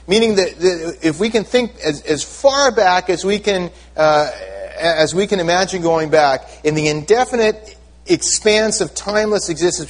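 A man preaching a sermon as pastor, explaining scripture and leading the congregation in reading aloud together. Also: on the high side. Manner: explanatory, repeats words when restarting.

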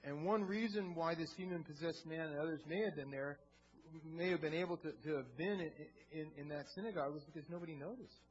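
Male pastor, high voice, earnest sermon delivery with stumbling repeats, dull lo-fi sound. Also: fairly quick, a little hiss or hum. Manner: earnest preaching with frequent word repeats.

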